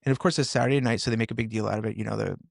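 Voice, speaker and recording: A man in his forties, a former first responder, candidly retelling hard experiences on a podcast with intense, animated delivery. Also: fairly low pitch, very fast, creaky, dry recording, clean studio sound. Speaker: podcast guest, former police officer and firefighter. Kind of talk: candid personal storytelling.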